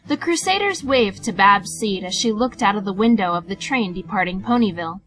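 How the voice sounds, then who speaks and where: Female storybook narrator, animated and bright, faint music behind. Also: medium pitch, brisk, poor audio. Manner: animated, expressive reading. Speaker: fanfiction reader.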